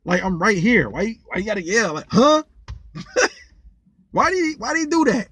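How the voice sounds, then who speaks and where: A man's voice: high-pitched, fast talker, breathy edge. A man talking casually to camera, venting and telling stories in a rambling way, often repeating words. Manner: lively, incredulous when telling funny stories. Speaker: vlogger, former rideshare driver.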